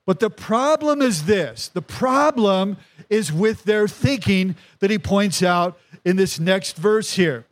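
A man's voice: high-pitched, lively intonation, slow. A male pastor preaching a sermon to his congregation, emphatic and repetitive, calling out to the crowd for responses. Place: church service in a tent.

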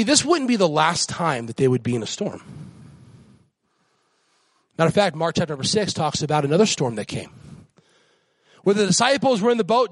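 A man preaching a sermon as guest pastor, climbing to excited high peaks and dropping to soft near-whispers. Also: husky, dry recording.

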